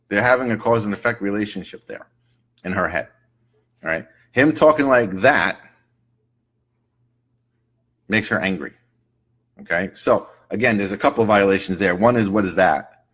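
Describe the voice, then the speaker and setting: A man's voice: on the low side, animated, normal speed, long pauses, fairly bright tone. A middle-aged man teaching a class in a conversational way, often checking in with "right?" and "okay?", and acting out short client quotes. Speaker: instructor teaching EFT and NLP. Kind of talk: casual recorded lecture.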